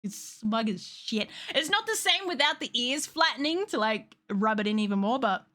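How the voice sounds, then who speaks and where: During a gaming live stream, a woman who works as a VTuber streamer and model rigger chats loosely, giggling, rambling and swearing freely. She speaks at normal speed in a slightly high, sharp voice with lively intonation.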